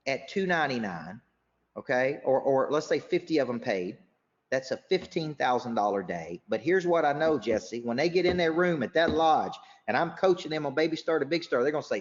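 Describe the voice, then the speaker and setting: A man coaching an audience in an energetic sales pitch at a live seminar, his voice climbing as he gets excited. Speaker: business coach. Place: large event room. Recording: dull reverberant hall recording.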